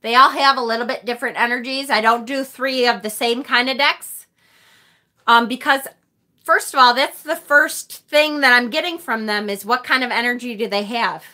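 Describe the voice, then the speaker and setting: A woman's voice: fairly high pitch, normal speed, sharp tone. A woman hosting a live tarot stream, talking casually and animatedly with the occasional mild swear.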